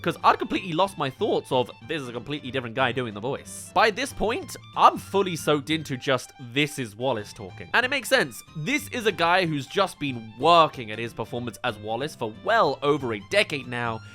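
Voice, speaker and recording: A man from the UK delivers scripted film review commentary in a bright, sharp tone. His pitch sits a little high and swings widely as he explains his opinions. He adds playful asides between points. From United Kingdom.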